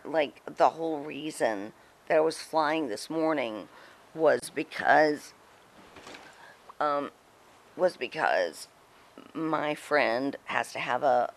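A middle-aged woman telling a story in a casual interview, animated and chatty, acting out what others said. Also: deep voice, gravelly. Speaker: guest, former wrestling personality.

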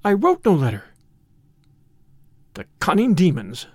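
A woman's voice: fairly low pitch, huge pitch swings, unhurried, a little mellow, husky, dry recording, studio quality, exaggerated voice. A man voicing a devoted young Venetian noblewoman in an audiobook, speaking in a tender, urgent, pleading way. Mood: anguished. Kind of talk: audiobook character reading.

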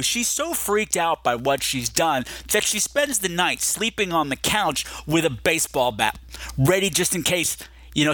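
A man's voice: a little high, pushed and bright, no room sound. A man hosting a podcast, giving chatty, emphatic and digressive commentary on a film. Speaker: podcast host.

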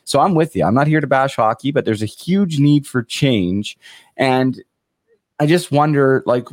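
A man's voice: mid-range voice, lively intonation, measured pace, dry recording, studio quality. A young man hosting a podcast interview, asking long questions in a rambling way, full of restarts and fillers. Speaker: podcast host. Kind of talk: casual interview chat.

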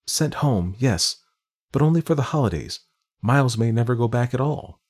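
A man's voice: medium pitch, lively intonation, normal speed, darkish tone, voice pushed up, close to an everyday voice. A man voicing an anxious, earnest young governess woman who speaks formally and precisely in an audiobook reading. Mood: worried.

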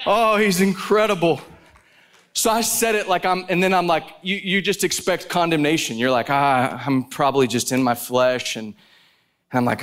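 A male preacher delivers a sermon at a live conference in an intense, animated storytelling manner. His voice sits a little higher than most men's. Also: moderate pace.

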